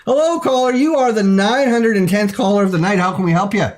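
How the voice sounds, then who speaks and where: A man hosting a comedic call-in talk show, loud and excitable, often shouting. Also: sits high, a little fast.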